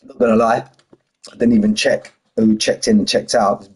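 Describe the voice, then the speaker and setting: A middle-aged British man with a husky voice, chatting casually on a sim racing stream and bantering with viewers. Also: fairly low pitch, flat delivery, moderate pace, rough recording. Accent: British English. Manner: chatty, banters with chat, drops h's and says "mate". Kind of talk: casual live-stream chat.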